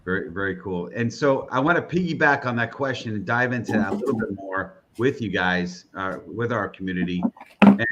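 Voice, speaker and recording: A man's voice: on the low side, fairly quick, fairly bright tone. A man from the American Northeast hosting a live interview broadcast, rambling casually with many restarts and fillers while hyping up his audience. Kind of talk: casual live-stream chat.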